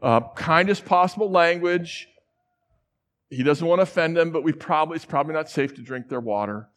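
A middle-aged man from the central United States preaches to a large church. His voice sits a little high, and he tells stories in a casual, conversational way. He acts out the voices of the people he quotes. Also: fairly quick, fairly bright tone. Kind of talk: sermon with personal stories.

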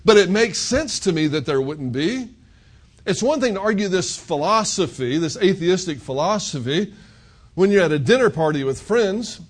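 A pastor delivers a conversational sermon. His voice sits high and moves through a lively, animated range. He presses his points with emphatic rhetorical questions. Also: normal speed, slightly rough. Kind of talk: expository sermon.

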